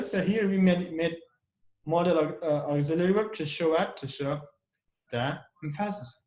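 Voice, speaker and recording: A man's voice: a little high, a little mellow. Man teaching English in an echoey room. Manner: slow stressed example sentences, frequent restarts. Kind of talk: online class lesson.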